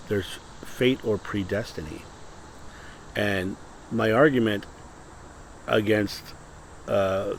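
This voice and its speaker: A man's voice: lowish voice, creaky, a little hiss or hum, rough recording. A man hosting a casual morning talk, earnest and often restarting his sentences. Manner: earnest, self-correcting with many restarts. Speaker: spiritual channel host.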